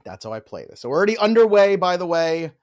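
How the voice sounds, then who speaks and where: A man's voice: high-pitched, very animated, quick pace. A man co-hosting a live fantasy football chat show, bantering and reading out viewer questions.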